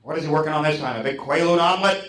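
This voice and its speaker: A man's voice: fairly high pitch, very fast. A man doing a sardonic, rambling stand-up routine in a comedy club. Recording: echoey club, distant mic, loud crowd noise.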